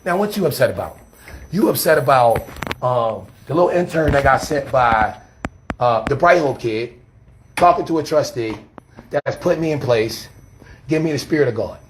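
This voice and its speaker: A man, a street preacher, defensively arguing and talking fast over others while filming a confrontation outdoors on his phone. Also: mid-range voice, a little hiss or hum. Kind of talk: heated self-filmed confrontation. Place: outdoors by a church. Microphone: handheld phone camera.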